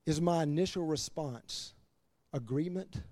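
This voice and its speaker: A man preaching as pastor, animated, laughing between points and dropping to quiet emphasis. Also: fairly high pitch, unhurried, dry recording. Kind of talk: sermon.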